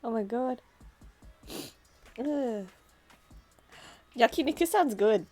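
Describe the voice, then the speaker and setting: A woman talks in a relaxed, unhurried way on a live drawing stream. Her voice sits a little high, and she keeps breaking into giggles. Soft music plays quietly in the background. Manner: giggly, laughs constantly. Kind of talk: casual live-stream chat while drawing.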